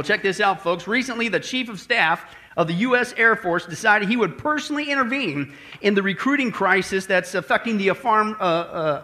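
Pastor guy preaching, folksy and jokey, high bright voice. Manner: folksy, joking, animated storyteller. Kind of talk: sermon with joke.

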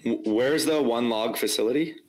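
A man hosting a podcast asks short, curious questions in an easy conversational tone. His voice sits at an ordinary middle pitch. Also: moderate pace, darkish tone, low-quality recording. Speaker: podcast host. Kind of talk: interview questions.

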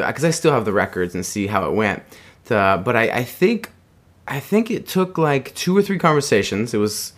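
Speaking in a mid-range, fairly bright voice, a man tells a personal story in casual chat. He rambles with many restarts, laughs often, and acts out voices when he quotes people.

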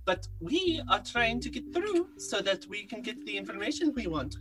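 Woman doing a showy mystic adventurer lady, full of herself, swooping lively pitch. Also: normal speed, a little hiss or hum. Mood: boastful. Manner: grandiose, self-important. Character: boastful self-styled mystical woman adventurer.

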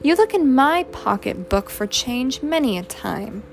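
Practical storybook mother, matter-of-fact, slow and steady, read by a woman. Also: sits high, creaky, faint music behind, voice pushed up, full character voice. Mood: earnest. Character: mild-mannered mother, plain and practical.

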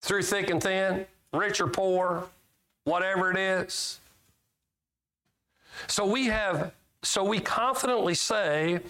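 A man with a high, pushed, bright voice preaches slowly, pausing often. He keeps a folksy tone, quizzes the congregation, and reads scripture aloud with mounting emphasis.

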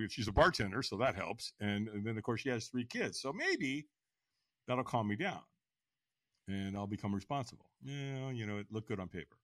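A man in his sixties, a podcast guest, frankly telling his own story in an animated way and acting out the voices. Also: medium pitch, no echo. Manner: animated, acts out voices and inner dialogue; frank, casual speech. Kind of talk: personal storytelling in an interview.

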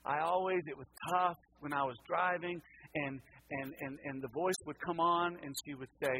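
A pastor preaching a sermon, repeating words and swinging between loud passages and hushed ones. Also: male voice, on the high side, fairly even intonation, a little fast, slight background noise, poor audio.

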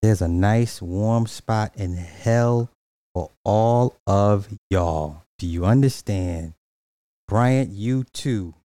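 A man on a livestream, talking loosely and joking as he roasts the people in his chat. His voice sits low and his delivery is slow. The sound is mellow and dry. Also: no echo.

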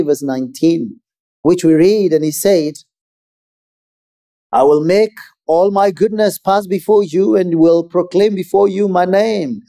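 A man preaching a sermon in a measured, emphatic way with pauses. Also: sits high, mellow.

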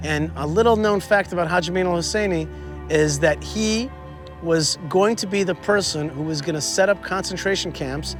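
High-voiced man guiding a history tour. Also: normal speed, music in the background. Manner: animated, quizzes his listeners. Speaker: tour guide. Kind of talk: history lesson told on a tour. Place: outdoors at a historic site.

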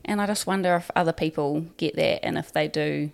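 Gravelly-voiced New woman chatting. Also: low-pitched, a little fast. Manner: chatty, laughs often, many fillers. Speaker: podcast co-host. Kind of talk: casual chat.

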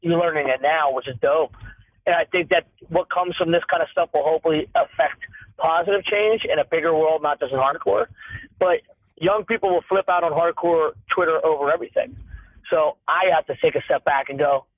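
A man's voice: a little high, fairly quick, no echo. A man in his late thirties talking candidly as a guest, rambling and emphatic, with frequent restarts and some swearing. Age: 30s. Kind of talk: candid conversational talk. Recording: tinny phone-like sound, dry.

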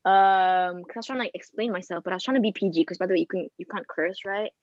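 A young woman in casual chat, talking fast and swearing, acting out what people said. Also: fairly low pitch, dry recording. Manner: chatty, swears a lot, acts out quotes. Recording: slightly dull lo-fi sound.

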